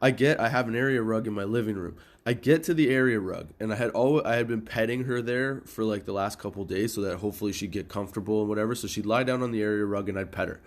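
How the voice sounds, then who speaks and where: A man's voice: lowish voice, quick pace, hardly any pauses. A middle-aged man hosting a comedy podcast, telling a casual story with lots of swearing and laughing at his own jokes. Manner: profane, animated, laughs at own stories. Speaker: podcast host.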